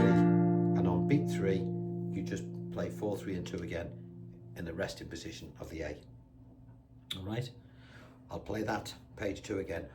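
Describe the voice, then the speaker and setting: Man, guitar teacher, slightly low voice, counts beats aloud, loud guitar underneath. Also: moderate pace, long pauses. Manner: chatty, reassuring, counts beats aloud while playing. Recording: guitar playing loudly behind the voice.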